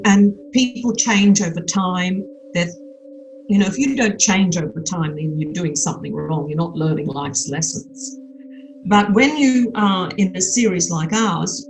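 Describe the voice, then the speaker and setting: A woman's voice: medium pitch, a little hiss or hum, poor audio. An older woman from Australia with an Australian accent, chatting frankly and cheekily as an interview guest, full of restarts. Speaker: actress and podcast guest. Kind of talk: casual interview chat.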